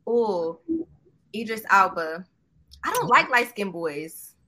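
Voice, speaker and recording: A young woman answers questions as a guest in a relaxed, candid chat and laughs a lot. Her voice is very bright and sharp. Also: medium pitch, slow pace. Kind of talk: casual interview chat.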